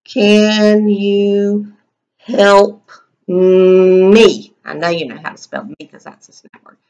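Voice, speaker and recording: A woman teaching young children a writing lesson, sounding out words slowly and asking the class questions as she writes. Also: mid-range voice, steady tone, darkish tone, muffled recording. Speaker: kindergarten teacher.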